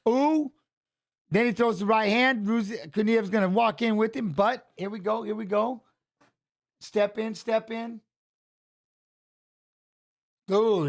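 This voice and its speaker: A middle-aged man hosting a live fight watch-along, laughing often, stammering and restarting, and shouting coaching cues at the screen. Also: high-pitched.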